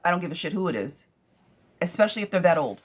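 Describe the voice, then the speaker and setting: A woman's voice: fairly low pitch, quick pace. Blunt, profane woman giving tarot advice. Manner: blunt, profane, animated advice with frequent "girl". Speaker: tarot reader. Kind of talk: live-streamed tarot reading.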